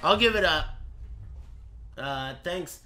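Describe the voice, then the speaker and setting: Profane animated male game streamer. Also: on the high side, slow pace. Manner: profane, mock-angry banter with chat. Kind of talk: live gaming stream chat. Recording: game music underneath.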